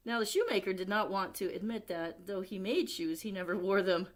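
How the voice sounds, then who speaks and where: A woman at a library reading a picture book aloud, expressive, with chatty asides to young listeners. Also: mid-range voice, brisk, hardly any pauses. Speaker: library storyteller.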